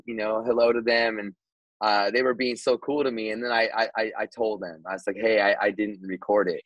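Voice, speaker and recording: A man, a radio host guest on a podcast, telling a story casually, animated and swearing, with lots of restarts. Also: mid-range voice, no room sound, rough recording.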